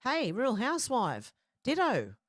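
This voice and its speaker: A woman's voice: fairly high pitch, wildly swooping pitch, unhurried, dry recording, studio quality. A middle-aged woman hosting a casual live chat, reading viewer comments aloud and reacting with frequent laughs. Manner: chatty, laughs often, reads comments aloud.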